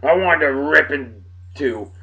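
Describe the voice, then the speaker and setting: A man hosting a daily beer and song show in a rowdy, casual way, loud and excitable, swearing and joking, swinging from shouting to muttering. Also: on the high side, takes it slowly, vocal fry, muffled recording.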